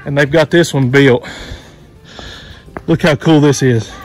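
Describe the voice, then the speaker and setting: A man narrating a casual hiking vlog outdoors on a handheld camera, excitedly pointing out the views to viewers, sometimes out of breath. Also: medium pitch, a little slow, soft background music. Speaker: vlogger. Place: outdoors at rocky overlooks.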